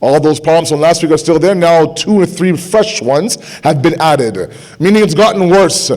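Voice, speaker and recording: A young man giving a sermon to a gathering, impassioned, repeating phrases for emphasis and dropping to quiet intensity. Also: fairly high pitch, moderate pace. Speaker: speaker at a religious gathering.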